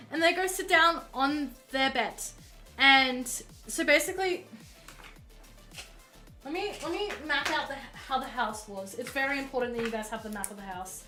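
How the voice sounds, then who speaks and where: A woman's voice: sits high, normal speed, sharp tone, faint music behind. A woman streamer telling a story casually, rambling along with plenty of fillers while she paints at home.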